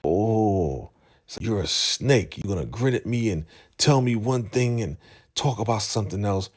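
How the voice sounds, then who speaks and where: A man voicing a furious male warlord who accuses a traitor with contempt, in a low, husky voice. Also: expressive, a little slow, a little mellow. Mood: accusing.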